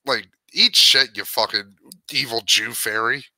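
A man's voice: mid-range voice, a little slow, sharp tone, no echo, low-quality recording. A man co-hosting a comedy show, cracking blunt, profane jokes as commentary. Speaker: co-host.

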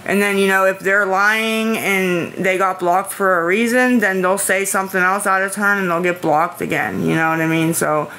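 Bright-voiced anxious woman streamer. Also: mid-range voice, fairly even intonation, moderate pace, few pauses, slight background noise. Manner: anxious, pleading and defensive, rambling with repeated phrases. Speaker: livestreamer asking viewers for money. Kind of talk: casual live-stream chat, answering viewer comments.

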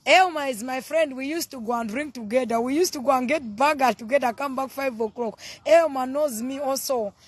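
A husky woman preaches on a live stream in a loose, rambling way. She swings from quiet advice to loud, exuberant bursts and greets her viewers by name, her voice slightly rough and breathy. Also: high voice, fairly quick, few pauses, dry recording. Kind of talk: casual sermon on a live stream.

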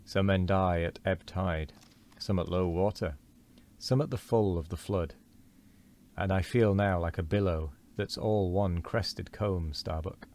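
A man's voice: sits low, a little slow, a little mellow, a little hiss or hum. A man reading the lines of an old, brooding sea captain in a solemn, archaic way.

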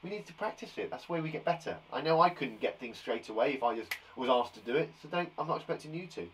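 A man from England, a primary school teacher, runs a live online maths lesson for young children, counting aloud and encouraging them with chatty asides. His voice is a little high, a bit bright, animated and fast, on a rough recording with a little hiss or hum.

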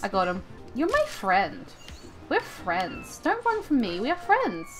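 High-pitched excitable woman doing a let's play, voice jumps all over, soft game music behind. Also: takes it slowly. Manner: excitable, gasping and squealing at the game; chatty and playful, talking to the creatures on screen. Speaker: gaming video creator.

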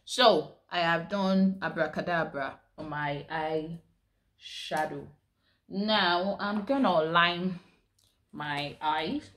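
A woman's voice: on the low side, slow, a bit bright. A woman from Nigeria chatting casually in a vlog, explaining slang while she does her makeup. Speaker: vlogger.

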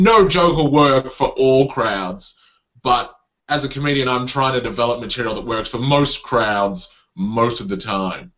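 Bright-voiced Australian comedian, lo-fi sound. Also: male voice, medium pitch. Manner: chatty, self-deprecating, acts out crowd reactions. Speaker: comedian guest. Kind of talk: casual interview chat.

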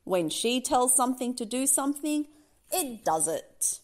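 Animated woman reading a kids' storybook. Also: high-pitched, measured pace. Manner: expressive, sing-song storytelling. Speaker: storybook reader. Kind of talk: children's read-aloud narration.

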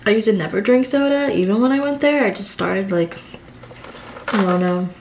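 A woman's voice: on the high side, lively intonation, fairly quick, background noise. A young adult woman chatting casually for a food vlog, telling a rambling story full of fillers. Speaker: food vlogger. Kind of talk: casual eating vlog chat.

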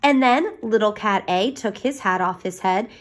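A woman reading a rhyming children's picture book aloud in an expressive, sing-song manner. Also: medium pitch, normal speed. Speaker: reader.

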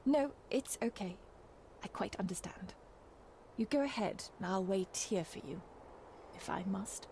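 A woman's voice: medium pitch, expressive, measured pace, vocal fry, long pauses, a little mellow, slight background noise. A woman playing a sceptical, composed woman of science who speaks coolly.

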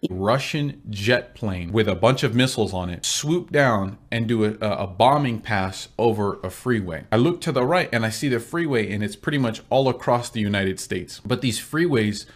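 A man with a fairly low voice recounts a spiritual vision in plain, vivid storytelling. He keeps an even, steady delivery. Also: normal speed, few pauses.

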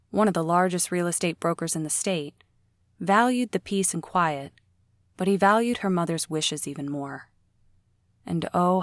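Female audiobook narrator, low steady read, dry studio sound. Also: no room sound.

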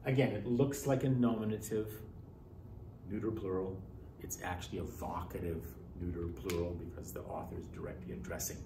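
In this classroom lecture, a man explains Greek grammar one step at a time, tossing in rhetorical questions while his pitch rises and falls widely. Though his intonation is fairly even otherwise, his delivery is brisk and creaky. The room echoes, he sits off-mic at a distance, and there's a faint hiss.

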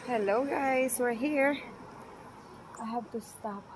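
A woman's voice: a little high, slow, very noisy. A woman chatting casually to her viewers on a phone while out on a bike ride and at a park. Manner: chatty, mixes English with Tagalog. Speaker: vlogger. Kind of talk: casual vlog narration while biking.

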